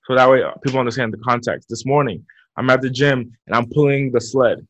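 A man giving motivational advice as a podcast guest, talking in an energetic coaching way with frequent repeats. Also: mid-range voice, fairly quick. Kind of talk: motivational interview talk. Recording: muffled lo-fi audio.

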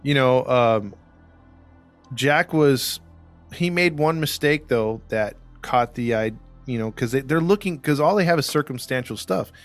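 A man's voice: mid-range voice, animated, a little slow. A man talks through a true-crime case in loose, casual podcast style. He rambles with plenty of fillers and slips into quoting the people in the story, while faint music plays underneath. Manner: rambling, lots of fillers, acts out quotes. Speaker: podcast host.

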